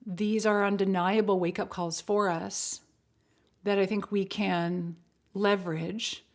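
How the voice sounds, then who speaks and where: Woman guest on a podcast, average pitch, animated and chatty, tumbling out thoughts with lots of "like" and "um". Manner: animated, talks in quick bursts with many fillers. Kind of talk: casual interview chat.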